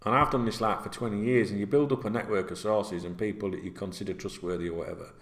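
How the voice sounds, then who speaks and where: Bloke rambling at home, swears a lot, lowish voice, echoey room. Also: male voice, steady tone, fast talker. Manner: chatty, sweary, with many fillers. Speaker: football vlogger. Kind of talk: casual rambling monologue. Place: indoors at home, seated. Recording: roomy echo.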